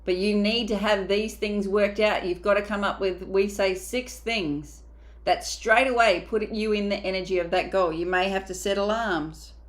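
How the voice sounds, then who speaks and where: A woman's voice: medium pitch, fairly even intonation, normal speed. A woman mindset coach giving a motivational coaching talk, emphatic and casual, sometimes acting out inner voices.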